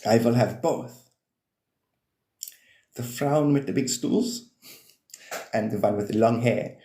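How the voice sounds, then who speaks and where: A man's voice: medium pitch, slow pace, dark tone, echoey room. A man rambling through casual livestream chat about spirituality, swearing freely and laughing often.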